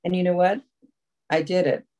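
A woman's voice: lowish voice, steady tone, normal speed, mellow, muffled recording. A woman telling a long personal story at a support group meeting over a video call, rambling and full of fillers. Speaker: recovery meeting speaker.

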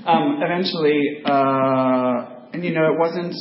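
A man telling his personal recovery story to a group, self-mocking and halting, with many ums and laughs. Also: on the high side, crowd noise. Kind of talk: personal testimony talk. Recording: dull, noisy, echoey room recording.

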